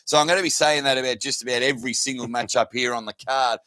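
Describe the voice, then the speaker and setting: A man's voice: medium pitch, steady tone, fast, sharp tone, no echo. An Australian man co-commentating a sports event in jokey, enthusiastic banter. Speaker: guest co-commentator. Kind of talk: casual sports commentary chat.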